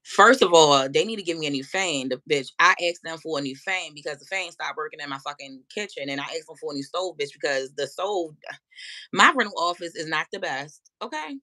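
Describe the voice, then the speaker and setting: A woman hosting a live stream, chatting casually and profanely with her viewers and telling animated stories. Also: deep voice, brisk. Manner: addresses viewers directly.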